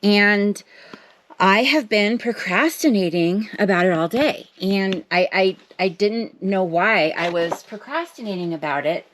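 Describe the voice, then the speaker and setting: A woman's voice: medium pitch, a little slow. A woman chatting to camera from her home art table, rambling and self-deprecating with lots of fillers. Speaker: art vlogger. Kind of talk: casual chat to camera.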